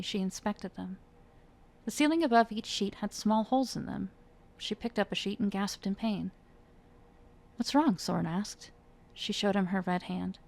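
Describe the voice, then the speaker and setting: A woman with a mid-range voice and vocal fry reads a chapter of her own fantasy novel aloud as a dramatic fiction reading. She lifts her voice for the characters' dialogue, delivering their lines with rising emotion.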